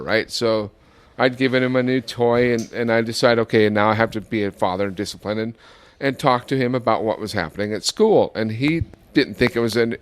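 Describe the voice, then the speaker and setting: A man's voice: medium pitch, clear, resonant tone. An older man telling a story about his son in a casual podcast chat, rambling with restarts. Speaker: father telling a family story.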